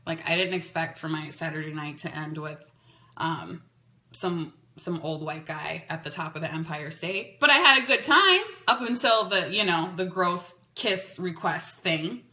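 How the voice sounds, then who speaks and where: A woman podcaster tells a long story in a chatty, animated way, with a "like" in nearly every sentence. Her voice is bright and sounds as if it was recorded in an echoey room. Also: deep voice, unhurried. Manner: chatty and animated, full of "like" fillers. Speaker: podcast host. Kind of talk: casual storytelling monologue. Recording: roomy echo.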